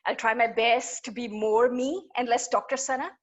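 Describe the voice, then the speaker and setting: A woman, a guest on a video call, polite and measured, a bit sleepy. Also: fairly high pitch, fairly even intonation. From Pakistan. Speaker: guest advocate. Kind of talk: casual video chat.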